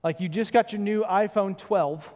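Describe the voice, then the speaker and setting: Pastor guy preaching, kinda high voice, lots of hall echo, earnest and keeps asking questions. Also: normal speed, darkish tone, highs cut off. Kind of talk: sermon.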